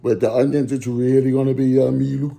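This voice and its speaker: A man's voice: medium pitch, level tone, brisk, vocal fry, dark tone. A man hosting a playful home cooking show in his kitchen, talking in a silly, sing-song way. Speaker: cooking show host and teacher.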